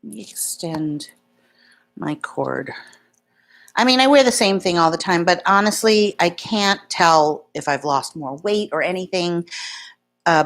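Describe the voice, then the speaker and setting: A woman in her fifties, chatting casually and rambling as she talks to her viewers by name at home. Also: low voice. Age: 50s. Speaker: beauty vlogger. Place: home in Florida.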